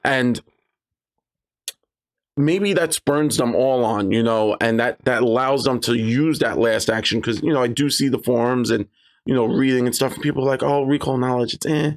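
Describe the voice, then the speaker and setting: A man talking casually about running tabletop games, telling stories animatedly and jumping into high voices to quote his players. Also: moderate pace. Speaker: game master giving advice. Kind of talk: casual advice talk with anecdotes.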